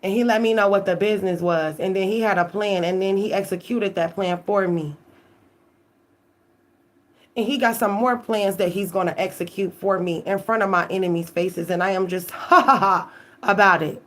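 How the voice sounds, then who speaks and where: A woman's voice: mid-range voice, steady tone, moderate pace. A woman tarot reader giving an emphatic, profane live-stream monologue, often checking in with "okay?".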